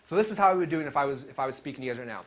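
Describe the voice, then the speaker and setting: A man telling stories at a live seminar, animated and acting out the quotes he tells. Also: mid-range voice, rapid-fire, slight background noise. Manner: animated storytelling, acts out quotes. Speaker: seminar speaker.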